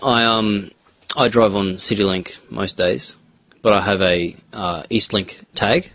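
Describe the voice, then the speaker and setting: A man's voice: lowish voice, steady tone, a little slow, a bit bright, no echo. A man co-hosting a casual chat, telling his story in a plain, matter-of-fact way.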